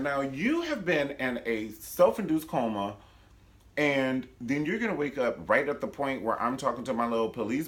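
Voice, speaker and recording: A man's voice: mid-range voice, fairly bright tone. A man from Cleveland, Ohio, recapping a TV drama in a casual, gossipy vlog with dramatic asides. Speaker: TV show reviewer.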